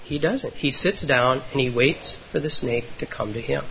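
Guy doing a dharma talk, soft and hesitant, average pitch, muffled recording with a bit of hiss. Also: gravelly. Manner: gentle, unhurried, with frequent hesitations. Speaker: meditation teacher. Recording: dull lo-fi recording with faint noise.

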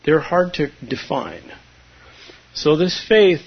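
A man with a very husky, breathy voice gives a relaxed Zen talk. His pitch moves in a lively, expressive way, and he drifts into playful imitations of his students. The recording sounds dull and lo-fi. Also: moderate pace. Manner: conversational, humorous, acts out students' voices. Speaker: Zen teacher. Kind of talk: dharma talk.

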